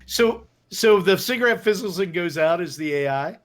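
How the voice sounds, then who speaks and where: A man's voice: high voice, expressive, moderate pace. An older man co-hosting a stream, chatting casually while playing a text game, laughing often and restarting his sentences. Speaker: writer and stream co-host.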